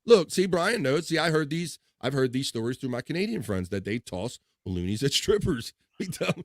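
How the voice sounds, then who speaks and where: A man's voice: mid-range voice, sing-song, moderate pace, no echo, clean studio sound. A man co-hosting a casual live stream, laughing often and reading viewer comments aloud. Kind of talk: casual banter.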